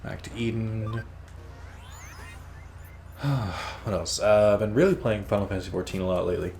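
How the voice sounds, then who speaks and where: A man's voice: fairly low pitch, moderate pace, a little mellow, slight background noise. A man hosting a let's play, rambling casually as he plays, swearing freely and teasing himself. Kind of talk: casual gameplay commentary.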